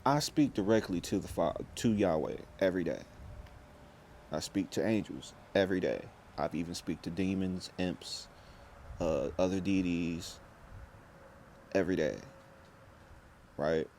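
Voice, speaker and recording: A man's voice: deep voice, lively intonation, measured pace, pauses often, darkish tone, slight background noise. A young man talking to camera in a rambling, intense vlog monologue, full of restarts and slang. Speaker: vlogger.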